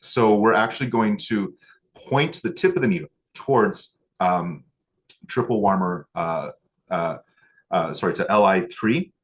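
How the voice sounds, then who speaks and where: A man's voice: on the low side, expressive. Emotional man telling a teaching story. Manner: emotional, choked up at times; pauses with fillers and restarts. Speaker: acupuncture instructor. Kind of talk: teaching a class with a personal story.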